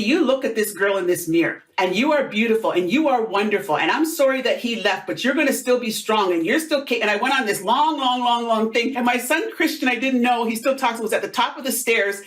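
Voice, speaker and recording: A middle-aged woman, a motivational speaker, telling stories in an animated, conversational way during an interview. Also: fairly high pitch, a little fast, few pauses. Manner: animated, acts out quoted voices.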